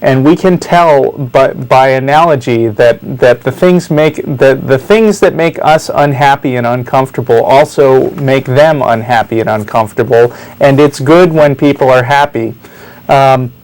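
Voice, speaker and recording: A man co-hosting a call-in show, explaining his views in a thoughtful, hesitant way with many pauses and restarts. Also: mid-range voice, darkish tone, rough recording. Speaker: co-host.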